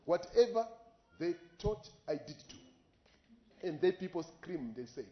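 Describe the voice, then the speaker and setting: Man, preacher, fairly high voice, impassioned storytelling, roomy echo, muffled lo-fi sound. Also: expressive, normal speed. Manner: impassioned storytelling, voice rising in exclamations. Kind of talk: sermon with live interpretation. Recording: echoey, dull lo-fi recording.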